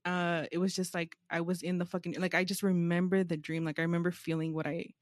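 Casual low-voiced woman telling stories. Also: little pitch movement, fast, no room sound. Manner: loose, swearing storyteller, slips into Spanish. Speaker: podcast co-host. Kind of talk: casual chat. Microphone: phone.

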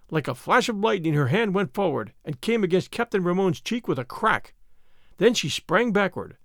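A man with a fairly high voice reads the narration, his pitch moving lively and wide through each sentence. The recording is close and dry, with no room sound. His storytelling is expressive and steady. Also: no echo. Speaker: audiobook narrator. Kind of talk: scripted narration.

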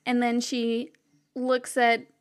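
A woman narrating a tabletop game as game master, unhurried and with many fillers. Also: fairly high pitch, completely flat delivery, clean tone.

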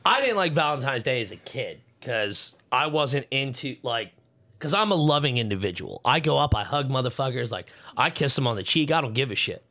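A man's voice: mid-range voice, sing-song, a little fast, pushed and bright. A man co-hosting a casual podcast, telling a story in a heated, profane rant while worked up and hot under the collar. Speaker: podcast co-host.

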